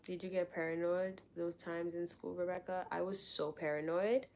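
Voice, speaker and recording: A young woman telling a story in a casual, animated way, acting out what people said. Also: on the low side, normal speed. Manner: animated, dramatic retelling with lots of "like". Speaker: vlogger.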